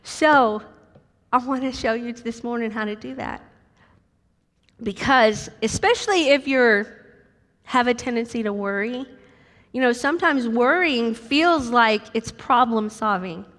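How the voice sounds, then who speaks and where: High-voiced woman preaching in a reverberant hall. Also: measured pace. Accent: American. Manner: animated, acts out voices with sudden high squeaks. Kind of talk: sermon. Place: large church hall.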